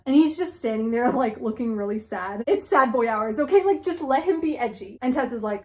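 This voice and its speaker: A woman's voice: a little high, a little fast, few pauses. A young woman giving a casual, joking book recap on her vlog, quoting characters as she goes. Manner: animated, jokey, quotes characters with "she's like". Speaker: book vlogger.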